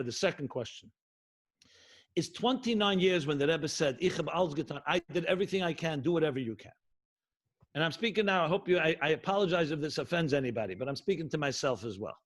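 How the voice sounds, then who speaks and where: A middle-aged man, a rabbi, giving an impassioned sermon with emphatic repetition and rhetorical questions. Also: sits high. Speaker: rabbi teaching Jewish spirituality.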